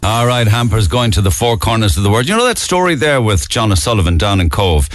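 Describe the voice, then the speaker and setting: A man's voice: fairly low pitch, big pitch swings, a little fast. A man with a Cork accent hosting a casual radio phone-in, teasing his caller and laughing often. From Ireland. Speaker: radio show host. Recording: faint music behind the studio voice.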